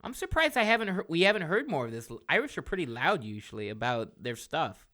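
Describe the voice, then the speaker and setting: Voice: medium pitch, very animated, a little fast, sharp tone. A co-host chatting casually and asking teasing, curious questions. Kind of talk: casual chat.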